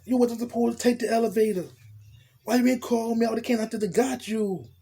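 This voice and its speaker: Worried young woman on the phone, put on by a man, high and raspy, profusely sorry. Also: dark tone, full character voice. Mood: apologetic. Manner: fretful, fast apologizing.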